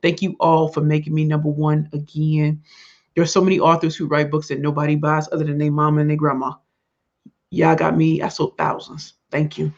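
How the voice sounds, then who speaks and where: A man with a fairly high voice hosts his own livestream and closes the show with heartfelt thanks to his viewers, reading their comments aloud. He talks while in pain from a swollen face. The audio is dull and lo-fi. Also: monotone, a little fast. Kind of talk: emotional livestream sign-off.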